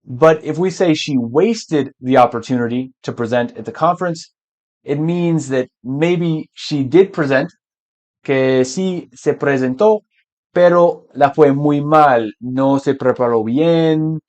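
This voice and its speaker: A man teaching English verbs patiently, often switching to Spanish to explain and clearing his throat now and then. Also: mid-range voice, measured pace, darkish tone. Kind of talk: language lesson.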